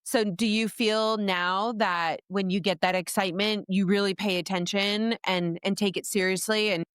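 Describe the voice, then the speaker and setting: A woman's voice: medium pitch, steady tone, moderate pace, fairly bright tone, smooth, no room sound, clean studio sound. A woman hosting an interview podcast, asking thoughtful questions and reflecting back on her guest's words. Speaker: podcast host.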